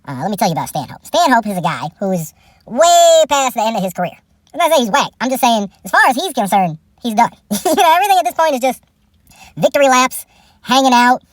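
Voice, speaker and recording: Tipsy woman host, irreverent, rambling, laughs a lot, high lively voice, dry close mic. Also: fast, no echo. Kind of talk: comedic movie review monologue.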